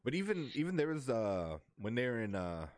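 A man in a casual chat about a movie, trailing off softly and filling gaps with "you know" and "like". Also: mid-range voice, sing-song, normal speed, no echo, studio quality. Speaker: movie discussion co-host.

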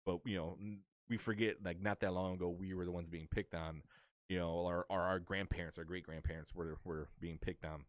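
A man in a casual chat about a movie, trailing off softly and filling gaps with "you know" and "like". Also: low-pitched, fairly even intonation, fairly quick, dry recording. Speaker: movie discussion co-host.

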